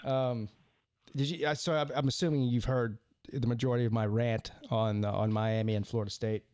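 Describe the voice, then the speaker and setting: A man hosting a live call-in sports talk show, talking in an animated, rambling way with many restarts. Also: medium pitch, fairly quick.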